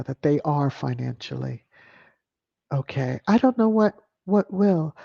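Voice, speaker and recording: A woman's voice: sits low, vocal fry, a little mellow, dry recording. A woman hosting a celebrity news commentary vlog, sassy and emphatic, repeating phrases for effect. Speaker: vlog host. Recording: dry, dull lo-fi sound.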